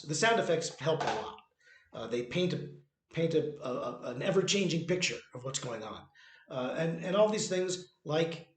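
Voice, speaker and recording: A man talking about his own stage play in a casual, rambling way, restarting sentences often. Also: fairly high pitch. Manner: rambling, many restarts and fillers. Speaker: playwright and author presenting his own work. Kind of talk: casual spoken commentary. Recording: echoey room.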